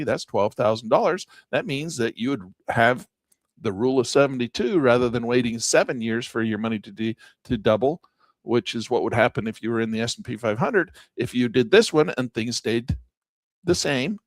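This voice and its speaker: A man teaching high-yield investing as he walks through calculators on screen, animated and repetitive, with self-mocking asides. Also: normal speed, dry recording. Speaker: finance educator. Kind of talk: casual screen-share tutorial.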